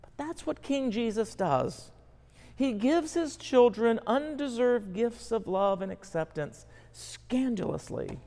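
Male pastor, sermon, slow earnest delivery, gravelly voice. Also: extremely high pitch, animated, a little mellow. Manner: earnest, emphatic preaching. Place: church sanctuary. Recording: long church hall reverb.

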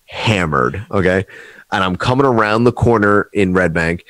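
A man's voice: low voice, moderate pace, dry recording. A young man, telling rowdy stories with lots of swearing in a casual chat. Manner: animated storyteller, swears a lot, acts out quotes loudly. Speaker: podcast guest.

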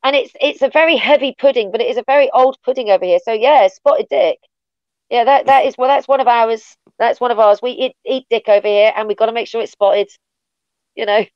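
A woman's voice: fairly high pitch, a little fast, no echo, lo-fi sound. Blunt, foul-mouthed English woman. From England. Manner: blunt, heavy swearing, animated storytelling. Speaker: wrestling guest. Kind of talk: casual interview chat.

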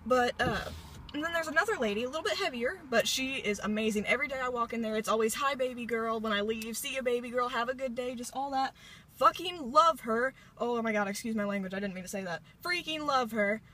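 A woman's voice: a little high, fast talker, fairly bright tone. A woman in her late teens from Indiana, chatting in a rambling, bubbly way with a phone held at arm's length inside a parked car. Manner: rambling, bubbly, lots of filler words. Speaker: vlogger. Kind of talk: casual chatty vlog.

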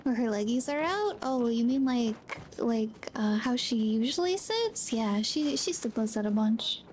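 A woman streamer chatting casually with her viewers while gaming, soft-spoken and giggly. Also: on the high side, lively intonation, measured pace, a little hiss or hum.

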